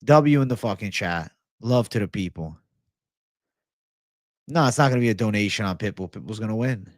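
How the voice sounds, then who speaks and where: A young man hosting an MMA livestream, chatting casually and reading comments in a profane, excitable bro style. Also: fairly low pitch, moderate pace, no echo, studio quality. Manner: profane, excitable, laid-back bro talk.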